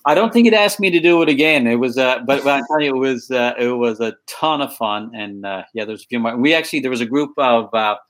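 Guest, man, relaxed storyteller, mid pitch, restarts sentences. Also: rough recording. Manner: unhurried, repeats words when starting sentences. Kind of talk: casual interview chat.

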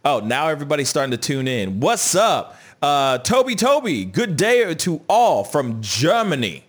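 A man's voice: on the high side, sing-song, normal speed, husky. A man hosting a casual live news show, joking around and greeting viewers by name as he reads the chat. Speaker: show host.

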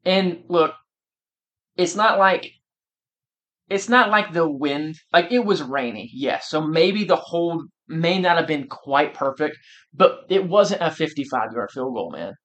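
A man with a slightly high voice chats about sports on a podcast. He talks emphatically and with lots of animation, often restarting his sentences as he pushes his point. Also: animated, measured pace, a bit bright. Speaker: podcast co-host. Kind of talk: casual sports chat.

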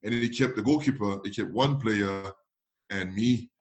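A man from France with a French accent, a guest telling animated anecdotes in a casual interview, acting out quotes and laughing often. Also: lowish voice, normal speed, slight background noise. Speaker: guest, former footballer.

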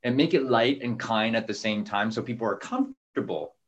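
A man hosting a coaching call, asking a voice coach earnest questions in a halting way. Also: mid-range voice, animated, highs cut off. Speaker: host interviewing a voice coach.

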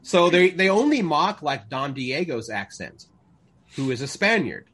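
A man with a husky, slightly raised voice tells stories in a casual podcast chat. His pitch swings widely as he jokes and acts out bits of dialogue. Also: unhurried. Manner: animated, jokey storyteller who acts out movie lines. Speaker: podcast co-host.

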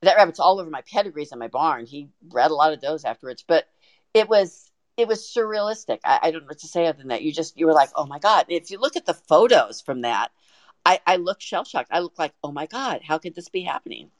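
A woman guest on a podcast, telling a story in an excited, animated way with frequent restarts. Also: deep voice, quick pace, no echo. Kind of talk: casual storytelling.

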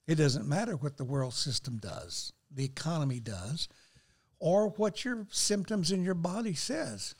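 A man's voice: fairly high pitch, measured pace. An older man, a guest on a faith talk show, speaking earnestly and quoting scripture as he shares. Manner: earnest, animated, quotes scripture.

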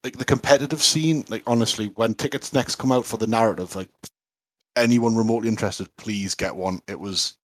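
A man's voice: on the low side, brisk, no echo. A man, co-hosting a podcast in enthusiastic casual chat, with lots of fillers. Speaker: podcast co-host.

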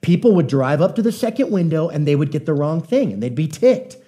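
A man's voice: a little high, sing-song, a little fast, warm tone, husky. A man preaching a conversational sermon who tells folksy stories and keeps checking in with his audience. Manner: folksy storytelling, asks the audience questions. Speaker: pastor.

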